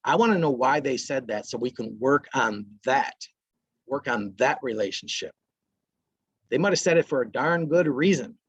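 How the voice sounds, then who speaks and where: A man's voice: mid-range voice, expressive, moderate pace, breathy edge, no echo. A man presenting a parenting workshop, talking casually and acting out short lines from parents and kids. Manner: conversational, acts out parents and kids in brief quotes.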